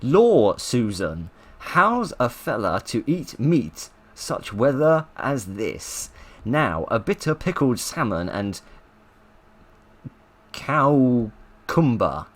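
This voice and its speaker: A man's voice: medium pitch, sing-song, slow. A man voicing a gossipy working-class Cockney man with rambling, flustered chatter. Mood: complaining.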